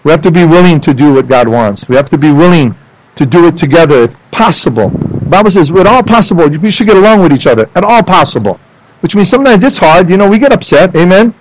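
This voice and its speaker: A man preaching a sermon in church, animated, rising into loud emphatic lines and dropping to low asides for the congregation. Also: fast talker, low-quality recording. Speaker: pastor. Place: church sanctuary.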